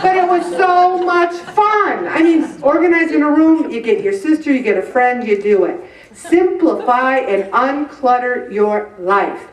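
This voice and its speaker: A woman's voice: sits high, lively intonation, unhurried. A middle-aged woman giving a humorous, chatty faith talk on stress, joking and acting out little exchanges. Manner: chatty, jokey, acts out little quoted exchanges. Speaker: inspirational speaker. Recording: echoey room, mic at a distance.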